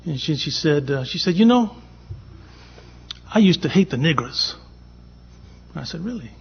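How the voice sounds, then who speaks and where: A man's voice: fairly high pitch, animated, a little slow, vocal fry, slight background noise. A man on a conference panel telling a personal anecdote, acting out the dialogue as he goes. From from Boston. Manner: anecdotal, acts out dialogue in quotes. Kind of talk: storytelling panel talk. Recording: dull lo-fi conference recording.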